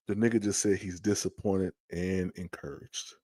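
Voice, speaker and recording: Exasperated animated man, dry close mic. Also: low-pitched, moderate pace, few pauses, dry recording. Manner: exasperated, animated, talks back to chat. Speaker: podcast host. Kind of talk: casual livestream sports chat.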